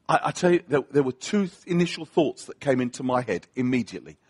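A British man preaching a humorous sermon, telling a story with self-mocking asides in an animated way. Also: mid-range voice, a little fast, hardly any pauses, husky. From Britain.

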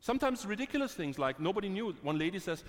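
A man, a missionary preacher telling stories in a sermon, lively and chuckling, dropping from bright to hushed. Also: high voice, fast talker. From Germany. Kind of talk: sermon with personal storytelling. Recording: long hall reverb.

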